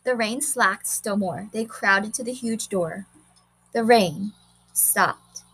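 A woman reading a short story aloud in a measured, expressive way. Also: mid-range voice, slightly rough, poor audio. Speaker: narrator.

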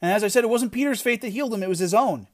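A man's voice: high-pitched, very fast, a little mellow. A middle-aged man giving an earnest devotional talk, emphatic, often restarting his phrases. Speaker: podcast devotional speaker.

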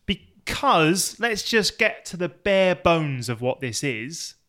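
Bright, crisp-voiced joking man. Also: on the high side, big pitch swings. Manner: joking, quick to interject. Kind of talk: casual chat.

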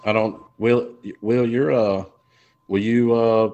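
A man's voice: fairly low pitch, steady tone, takes it slowly, darkish tone, highs cut off. A man co-hosting a casual podcast, speaking hesitantly and restarting his questions.

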